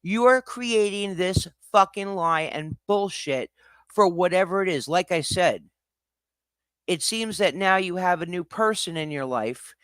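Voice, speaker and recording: Man, livestream host, heated profane rant, fairly high voice, dry close sound. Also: measured pace, a bit bright, clean tone, no echo. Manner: confrontational, profane, calling people out.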